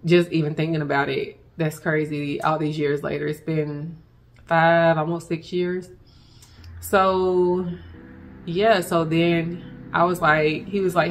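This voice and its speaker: A woman recounting a frightening personal experience to her viewers, speaking in halting bursts and addressing them directly. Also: low voice, flat delivery. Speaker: vlogger telling a personal story. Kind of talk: emotional personal storytelling.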